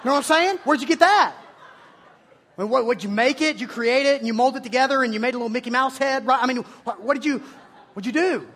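Husky high-pitched guy preaching to students, jokey, does silly voices. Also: quick pace. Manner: animated, joking, mimics listeners in mocking voices. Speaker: youth pastor. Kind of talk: energetic youth sermon. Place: room with a live audience of students.

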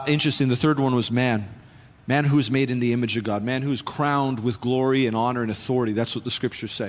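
A man, a pastor, preaching a sermon in a church with impassioned, fervent calls to the congregation. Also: medium pitch. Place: church sanctuary. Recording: long hall reverb with faint music.

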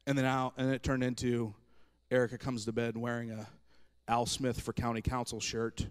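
A man's voice: mid-range voice, level tone, normal speed, clear, resonant tone. A man in his thirties preaching a humorous sermon, telling stories from his own marriage with self-deprecating jokes. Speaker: pastor.

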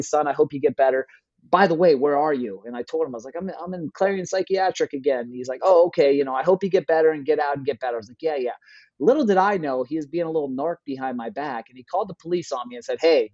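A man's voice: medium pitch, warm tone, dry recording, highs cut off. A young adult man, a podcast guest, telling a candid personal story in a casual, plain-spoken way with many fillers.

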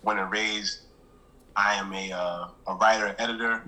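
A man from Brooklyn, New York, guesting on a podcast. His voice sits fairly low and has a very bright, sharp edge. He introduces himself casually, with a wry, relaxed touch. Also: moderate pace, low-quality recording. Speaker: podcast guest, writer and editor.

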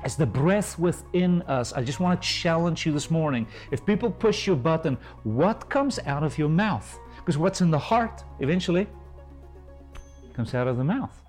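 A high-pitched man delivers a sermon with impassioned fervor. He swings between loud rising appeals and hushed, near-whispered drops. Soft music plays faintly behind him. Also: lively intonation, normal speed, rough recording. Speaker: pastor and Bible school teacher.

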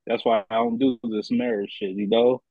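A man's voice: mid-range voice, little pitch movement, normal speed, no room sound. A man chiming in during casual podcast chat with laid-back, slangy remarks. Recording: dry, husky, phone-like sound.

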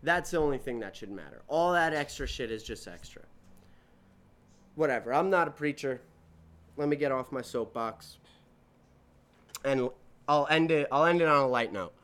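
A young man in his twenties talks alone into the mic as a podcast host, drifting from a rant into a childhood story. His voice is smooth and clear at an ordinary middle pitch. He swears freely and keeps restarting and correcting his sentences as he goes. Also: animated, moderate pace, pauses often, a bit bright. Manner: rambling, profane, self-correcting storytelling. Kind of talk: casual solo podcast monologue.

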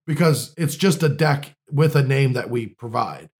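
A man's voice: mid-range voice, expressive, moderate pace, a little mellow. A man co-hosting a casual gaming podcast, explaining things eagerly with lots of fillers and restarts. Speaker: podcast co-host. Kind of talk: casual chat.

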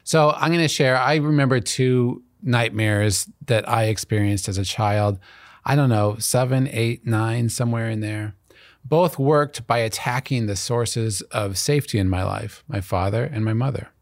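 A man's voice: medium pitch, measured pace, no room sound, studio quality. A man in his fifties from Arizona, hosting and earnestly telling his own childhood nightmares, livening up as he retells each scene. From Arizona, USA. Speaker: host. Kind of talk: reflective personal storytelling. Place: college campus.

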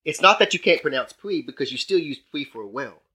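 A man's voice: a little high, animated, quick pace, bright, forceful tone, husky. A man hosting a conversational interview, asking short, list-driven questions. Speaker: podcast host.

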